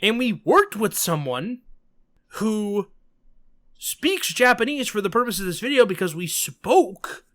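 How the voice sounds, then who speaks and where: A man's voice: high-pitched, big pitch swings, measured pace, fairly bright tone. A man with a New York accent hosting a podcast, chatting casually with emphatic, sarcastic asides. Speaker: podcast host.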